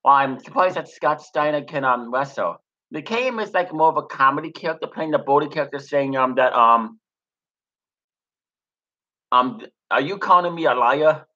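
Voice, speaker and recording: A man's voice: mid-range voice, expressive, moderate pace, long pauses, sharp tone, lo-fi sound. A young man casually recapping a wrestling show, rambling with many fillers and restarts. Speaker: wrestling reviewer.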